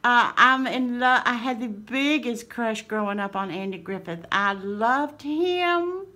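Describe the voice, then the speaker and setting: Slow, bright-voiced Southern American woman. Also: fairly high pitch. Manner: laughs often, gushing, folksy sayings. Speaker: craft channel host. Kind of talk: casual craft vlog chat.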